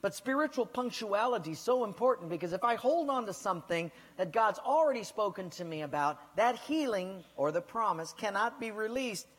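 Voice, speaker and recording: High-voiced pastor in a reverberant hall. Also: male voice, expressive, a little fast, hardly any pauses, fairly bright tone. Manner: questioning the congregation directly, storytelling. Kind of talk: sermon.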